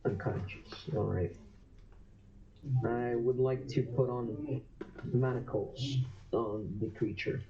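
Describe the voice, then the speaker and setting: A man playing a tabletop game, speaking in a measured, deliberate way. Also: medium pitch, steady tone, lo-fi sound. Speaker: player. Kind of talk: casual tabletop play.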